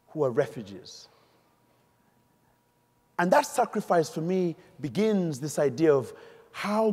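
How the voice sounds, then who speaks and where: A middle-aged man from Uganda, giving an animated, storytelling keynote speech on a stage mic in a large conference hall and quizzing the audience. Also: fairly high pitch, breathy edge. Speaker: keynote speaker. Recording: echoey hall.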